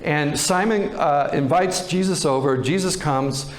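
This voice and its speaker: Man preaching, higher voice, echoey room. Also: unhurried, a little hiss or hum. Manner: conversational storytelling preaching. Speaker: pastor. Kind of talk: sermon.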